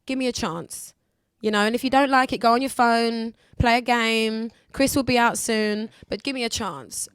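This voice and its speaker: Brief: woman, 20s, radio guest, candid and lively, dry close sound. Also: a little high, moderate pace, few pauses, smooth, no room sound. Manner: candid, lively, acts out other people's voices. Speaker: guest singer. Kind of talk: casual radio interview chat.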